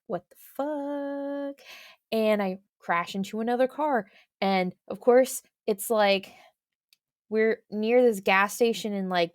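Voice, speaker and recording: A woman's voice: medium pitch, no echo. Female podcast co-host, chatty rambler, dry unreverberant recording. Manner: rambling, heavy on filler words. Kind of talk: casual storytelling.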